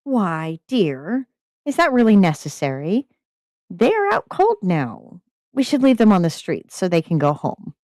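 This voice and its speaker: A woman's voice: medium pitch, big pitch swings, a little slow, darkish tone, no echo, studio quality, voice pushed up. Woman voicing a haughty young lady, formal, articulate, prim, storybook reading. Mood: gentle.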